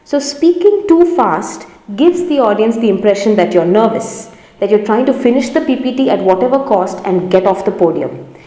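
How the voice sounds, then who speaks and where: Woman instructor, mellow tone, lecture delivery in a reverberant hall. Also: medium pitch. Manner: explanatory, emphatic teaching. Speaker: presentation skills instructor. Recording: roomy hall with long reverb.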